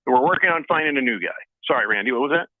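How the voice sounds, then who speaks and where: Lively male radio host over a phone line. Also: mid-range voice, no room sound. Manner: jokey, lively, talks fast in spurts. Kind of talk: casual sports radio chat, reading listener messages. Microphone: phone line into the studio. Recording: tinny phone line, dry.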